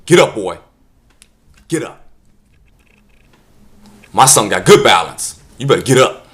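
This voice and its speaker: A man's voice: mid-range voice, big pitch swings, measured pace. A man voicing a stern father who barks curt commands at his son.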